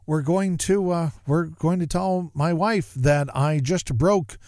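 A man's voice: a little high, slow, a little mellow, no echo, studio quality. Rambling, self-deprecating man telling a story. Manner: rambling, self-deprecating, often repeats and restarts words. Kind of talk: personal storytelling talk.

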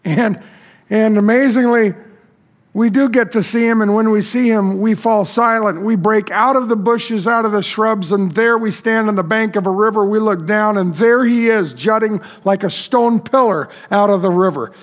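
Male pastor, high voice, dramatic storytelling sermon. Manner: vivid, dramatic storytelling with pauses.

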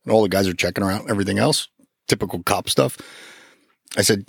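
A man from New Jersey, a police sergeant, co-hosts a podcast and rattles off stories quickly with crude jokes. His voice is on the low side. The sound is dry and close to the mic. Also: steady tone, creaky, no room sound. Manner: wisecracking, swears freely. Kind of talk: casual storytelling.

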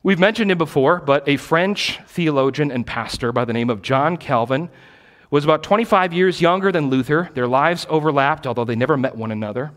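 A man's voice: a little high, fairly quick, fairly bright tone. A male pastor giving a teaching sermon in a church. He speaks emphatically and repeats key phrases for stress.

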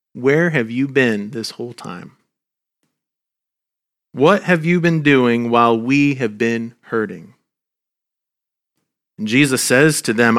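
A man preaching a sermon as a pastor, earnest and gentle, his voice dropping soft at the ends of lines. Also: mid-range voice. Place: church.

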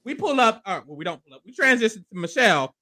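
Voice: mid-range voice, sing-song, fast talker, a crowd in the background. A podcast co-host chatting casually through a reality-show recap, playful and profane, laughing often and acting out what contestants said. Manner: loose, profane slang.

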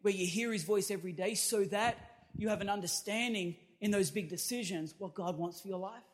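A man preaching an energetic sermon as pastor, emphatic and punchy, calling out to his congregation. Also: high-pitched, fairly quick.

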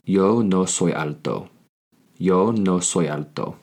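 Slow, deep-voiced male Spanish teacher. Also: darkish tone. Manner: slow, deliberate, repeats each phrase. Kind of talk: scripted language lesson.

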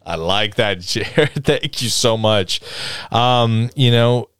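A man's voice: medium pitch, slow pace, fairly bright tone, clean tone, dry recording, clean studio sound. A man hosting a casual podcast chat, reading out listener comments and stumbling over the words now and then.

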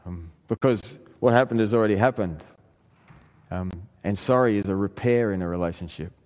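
A man preaching a sermon, telling a family story in an earnest way and rising in pitch when he presses a point. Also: moderate pace, darkish tone. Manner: earnest storytelling, pitch climbing in emphatic passages. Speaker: pastor. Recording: long hall reverb.

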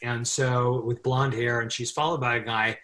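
A man's voice: mid-range voice, normal speed. Laughing middle-aged male storyteller. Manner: animated storyteller, laughs often while telling. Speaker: film crew member telling a story. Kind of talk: casual anecdote in an interview.

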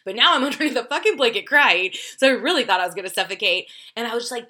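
A woman's voice: fairly high pitch, animated, quick pace, hardly any pauses, bright, forceful tone. A woman hosting a podcast, telling a personal story in a candid, chatty way, swearing freely, laughing often and speaking straight to her listeners. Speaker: podcast host. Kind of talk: casual confessional storytelling.

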